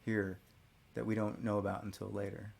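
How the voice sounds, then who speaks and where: A man hosting a podcast, casually retelling a film's story to a child and prompting with quick questions. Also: fairly low pitch, level tone, vocal fry, darkish tone. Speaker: podcast host. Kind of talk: casual movie recap chat with a child.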